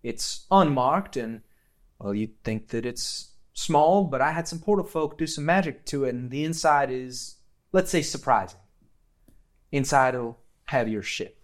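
A man voicing a stern woman official who speaks flatly and curtly. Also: medium pitch, measured pace, close to an everyday voice. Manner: flat, curt.

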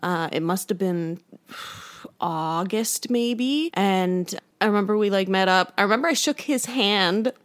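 A woman's voice: mid-range voice, measured pace. A young woman casually telling a rambling story to a friend, full of fillers and laughter. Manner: rambling, heavy use of "like", laughs while telling stories.

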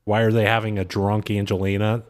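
A man's voice: on the low side, flat delivery, a little fast, no room sound. Dry, rambling man recapping a show. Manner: rambling recaps with quoted impressions. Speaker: podcast co-host. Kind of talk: casual chat.

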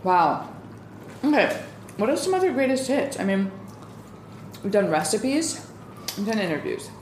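A woman's voice: mid-range voice, very animated, a little slow. A woman co-hosts a podcast in loose, casual chat, often talking through a mouthful of food. She stands in a small home kitchen. The room rings with echo and carries a faint hum of ambient noise. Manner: chatty, talks while eating, with mouth full. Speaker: podcast co-host.

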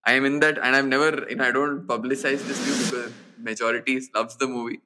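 A man's voice: medium pitch, flat delivery, quick pace, crowd noise. A man co-hosting a podcast, giving frank, blunt opinions in a casual chat about films. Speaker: podcast co-host.

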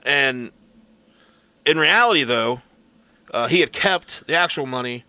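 A man's voice: medium pitch, animated, unhurried, sharp tone, no room sound. A man co-hosting a podcast, telling a story in a laid-back, casual way with some swearing. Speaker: podcast co-host.

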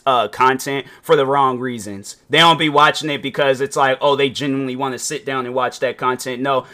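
A man hosting a solo podcast, with a naturally loud voice, ranting casually and rambling with many fillers. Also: medium pitch. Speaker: podcast host.

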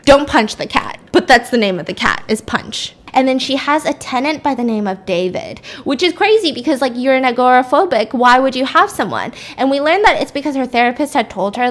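A woman's voice: high-pitched, expressive, brisk, few pauses. A woman podcast host casually retelling a story, chatty and swearing, with asides to her listeners.

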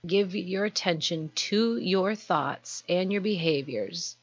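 A woman's voice: on the low side, slow pace, slightly rough. A woman giving an earnest, explanatory self-help talk, unscripted. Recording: dull lo-fi recording.

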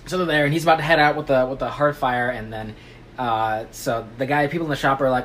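A woman's voice: very deep voice, fast talker, a little hiss or hum. A woman casually recapping a book on a podcast, joking and putting on voices for the characters. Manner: animated, jokey, puts on voices for characters. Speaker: podcast co-host recapping a novel. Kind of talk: casual chat, playful storytelling.

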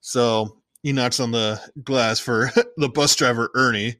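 A man's voice: medium pitch, fairly even intonation, measured pace, bright, forceful tone, dry recording. A man hosting a casual podcast, rambling through a movie recap, often correcting himself and playfully acting out characters' lines. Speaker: podcast host.

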